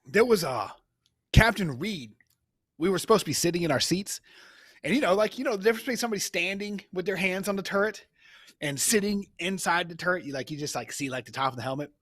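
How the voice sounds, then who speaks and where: A man's voice: high-pitched, lively intonation, quick pace, fairly bright tone, dry recording, clean studio sound. A young man, a podcast co-host, telling rambling, profane stories in casual chat. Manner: rambling, swears, laughs while telling stories.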